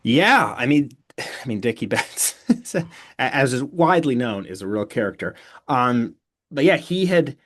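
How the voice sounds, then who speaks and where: On a podcast, a man who writes books shares anecdotes unhurriedly in a medium-pitched voice. The delivery is casual and animated, frequently broken up by fillers and false starts.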